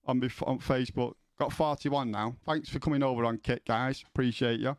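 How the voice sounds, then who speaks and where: A man's voice: mid-range voice, fairly quick, hardly any pauses, no room sound, clean studio sound. A man streaming from home, chatting casually with his viewers, rambling and swearing, often stumbling as he starts a sentence. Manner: sweary, rambling, repeats words when starting.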